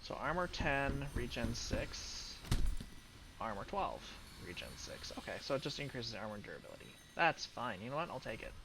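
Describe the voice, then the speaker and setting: A man's voice: mid-range voice, big pitch swings, normal speed, background noise. A man casually commenting on his gameplay, thinking aloud as he weighs upgrades and mutters his choices. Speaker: gaming YouTuber.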